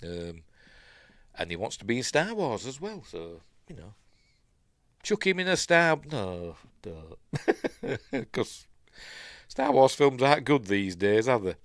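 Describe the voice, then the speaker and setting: A man's voice: on the low side, big pitch swings, takes it slowly, dry recording, clean studio sound. A man with a Yorkshire accent hosting a casual live stream, rambling as he reads news and chat comments aloud and adds his own asides. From Yorkshire, England.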